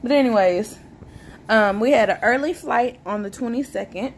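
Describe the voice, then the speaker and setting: Talking at a normal speed in a slightly high voice, this twenties-aged vlogger jokes around with her viewers in a casual chat to camera. She sips a drink while speaking, and there's a little hiss or hum in the background.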